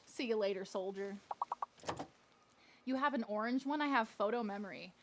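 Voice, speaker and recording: A woman's voice: mid-range voice, moderate pace, noisy background. A woman streaming games, chatting playfully with her viewers and laughing often. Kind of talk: live-stream gaming chat.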